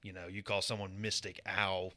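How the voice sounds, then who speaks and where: Male co-host, low pitch, bright edge, dry mic, deadpan explainer. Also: moderate pace. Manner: dry, explanatory, with crude asides. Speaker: podcast co-host presenting a conspiracy segment. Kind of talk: casual podcast chat.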